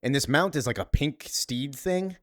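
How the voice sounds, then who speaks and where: A man's voice: on the high side, moderate pace, no echo. Casual male host, loose and chatty in a comic recap, dry close mic. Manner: chatty, loose paraphrasing with fillers.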